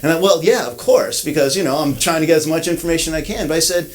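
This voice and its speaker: A man's voice: a little high, fast, poor audio. A man with a slightly raised voice tells a story at a groundbreaking ceremony. He often restarts and repeats himself as he goes along, keeping it easy for the crowd. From Connecticut, US. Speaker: event speaker. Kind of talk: ceremony speech with anecdotes. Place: outdoor ceremony.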